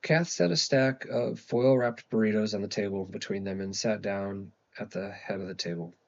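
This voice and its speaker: A man reading a novel aloud as a steady audiobook narrator. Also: fairly low pitch, normal speed, creaky, muffled recording. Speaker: audiobook reader. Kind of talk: scripted narration.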